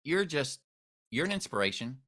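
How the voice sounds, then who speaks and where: A man hosting a podcast, chatting casually and telling stories with lively quoted voices. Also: a little high, moderate pace. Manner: storytelling, animated when quoting others. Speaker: podcast host. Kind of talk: casual interview chat.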